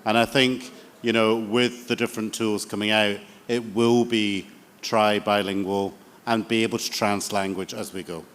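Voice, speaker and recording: A man's voice: on the low side, little pitch movement, moderate pace, fairly bright tone. A man with a Scottish Edinburgh accent, joking and teasing as a panelist in a conference discussion. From Scotland. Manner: jokey, teasing. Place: conference stage.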